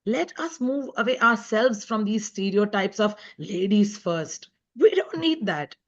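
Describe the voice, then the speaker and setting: A woman's voice: medium pitch, expressive, a little slow. Earnest woman speaking on a lo-fi call. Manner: earnest, emphatic, preachy. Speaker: guest speaker and author. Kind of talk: online panel talk. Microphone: video call.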